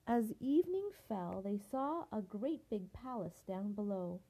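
Older woman reading a picture book, expressive and slow. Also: medium pitch, husky. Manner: expressive, unhurried. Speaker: grandmother reading aloud. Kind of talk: picture book read-aloud.

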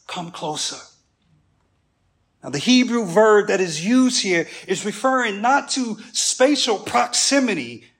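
A male pastor delivering a sermon in an animated storytelling manner, with humorous asides. His voice is high for a man and has a gravelly texture. He speaks slowly and deliberately.

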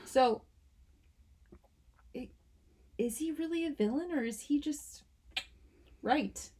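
A woman's voice: high-pitched, takes it slowly, darkish tone. A woman co-hosting a podcast, chatting casually about a film and laughing often. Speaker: podcast co-host. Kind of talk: casual chat.

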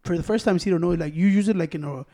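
Fast-talking high-voiced profane man. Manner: loud, profane storyteller, talks over others. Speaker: podcast co-host. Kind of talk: casual profane banter.

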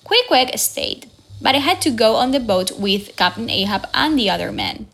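A woman reading a simplified adventure story aloud as the narrator, slowly and evenly, lifting her voice for the quoted lines. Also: fairly high pitch, creaky, slightly rough. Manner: slow, even storytelling read with raised voices for quoted lines. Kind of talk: scripted audiobook narration.

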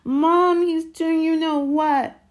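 A man's voice: high voice, flat delivery, normal speed, a little mellow, natural voice. A woman reading aloud and voicing a spoiled, jeering boy bully who turns whiny and panicky.

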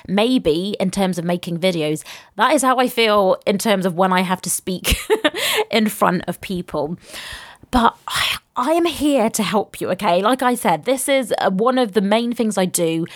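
A woman's voice: mid-range voice, expressive, measured pace, dry recording, clean studio sound. A young adult woman hosting a casual solo podcast, chatty and upbeat, laughing often as she gives motivational business advice. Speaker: podcast host and business coach.

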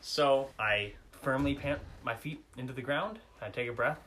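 A man's voice: mid-range voice, moderate pace, fairly bright tone, rough recording. A young man tells a comic story in a casual, self-mocking way. His voice sits in an average range, and he often laughs through the telling. A faint background hiss runs under his voice.

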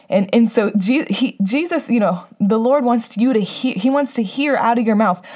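A woman's voice: a little high, normal speed, hardly any pauses, darkish tone. A middle-aged woman preaching a sermon, earnest and conversational, often restarting her sentences. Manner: earnest, restarts often, acts out Bible voices.

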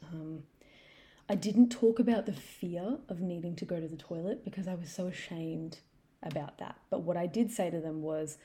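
A woman's voice: lowish voice, moderate pace, dark tone. A young woman telling a candid personal story in a frank, conversational way, with fillers and self-deprecating laughs.

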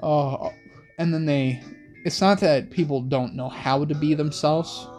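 Sitting in a car, a young male host rambles through a late-night monologue in laid-back slang, his voice fairly high and a little slow. Soft music plays behind him.

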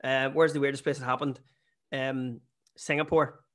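A man's voice: medium pitch, level tone, a bit bright. A young man with a Northern Irish accent, a stand-up comedian chatting as a podcast guest and telling funny stories. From Northern Ireland. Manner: chatty storyteller, quick jokes. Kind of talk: casual podcast chat.

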